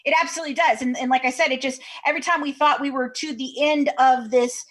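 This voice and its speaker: A woman from Kentucky, a true crime podcast co-host, chatting in an interview over a video call as a lively storyteller. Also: high-pitched, quick pace. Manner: chatty storyteller, acts out quoted voices. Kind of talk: casual interview chat.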